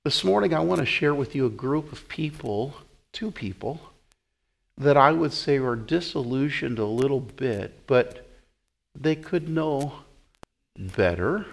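A man preaching a sermon in an animated way, often repeating words as he acts out the scene. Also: medium pitch, measured pace, creaky.

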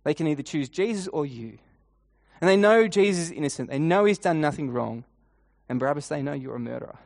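A man preaching a sermon as a guided imaginative story in the second person, swinging between loud and hushed lines and repeating a refrain. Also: fairly high pitch, expressive, creaky. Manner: repeats refrain, halting restarts.

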